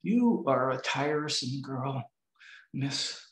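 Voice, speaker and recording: A man reading aloud voices a calm, condescending woman who oversees a group of orphans. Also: fairly high pitch, vocal fry, roomy sound, poor audio. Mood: stern. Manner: calm, measured.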